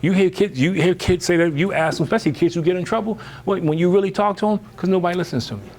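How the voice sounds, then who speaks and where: A man giving a lively motivational talk to parents, full of rhetorical questions and "you know.". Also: fast talker. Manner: lively, emphatic, rising high when animated. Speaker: speaker on parenting.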